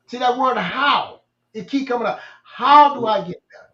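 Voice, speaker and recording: Man, co-host, high voice, emphatic and preachy, echoey room. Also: normal speed, bright, forceful tone, highs cut off. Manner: emphatic, preachy storytelling with repeated phrases. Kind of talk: casual motivational faith talk.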